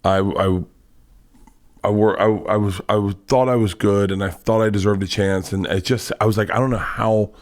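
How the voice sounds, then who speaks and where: A man who is a guest comedian, telling a rambling, profane story in casual chat, with quick restarts and lively retelling. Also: on the low side.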